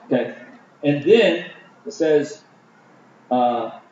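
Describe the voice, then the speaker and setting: A man preaching a Bible study sermon, halting with many fillers and restarts. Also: fairly high pitch, animated, darkish tone, a little hiss or hum. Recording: distant, roomy, dull lo-fi.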